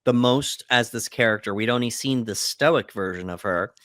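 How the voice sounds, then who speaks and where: A man's voice: medium pitch, moderate pace, a bit bright, dry recording, clean studio sound. A man co-hosting a podcast, casually recapping film scenes and acting out quotes. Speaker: podcast co-host. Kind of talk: casual movie breakdown chat.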